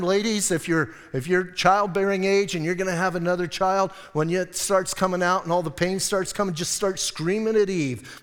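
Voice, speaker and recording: A middle-aged male pastor preaching a sermon in a church, lively and joking, acting out quoted voices. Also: high voice. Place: church sanctuary. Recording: long church reverb.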